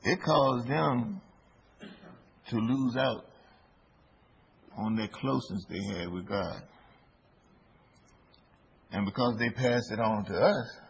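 A man preaching a sermon in a slow, deliberate way, his voice rising for emphasis. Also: medium pitch, slightly rough. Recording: dull lo-fi recording with faint background noise.

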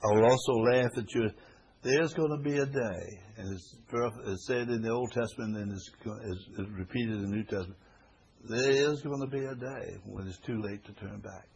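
A man's voice: on the low side, moderate pace, gravelly, darkish tone, lo-fi sound, a little hiss or hum. A man teaching a Bible study class to a small group, reading scripture aloud and explaining it in a folksy way, often repeating phrases for emphasis.

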